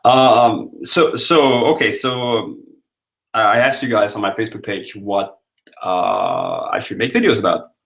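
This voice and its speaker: A man's voice: fairly low pitch, big pitch swings, measured pace, gravelly, a bit bright. A man from Sweden in his thirties, hosting a live stream from home and chatting jokily with viewers as he reads their comments. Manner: chatty, jokey, rambling. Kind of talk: casual chat reading viewer comments. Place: home room.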